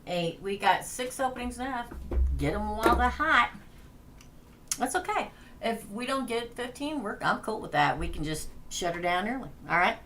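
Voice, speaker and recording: A woman's voice: mid-range voice, a bit bright, slight background noise. A woman tarot reader hosting a casual livestream, chatting, laughing and reading names off a list.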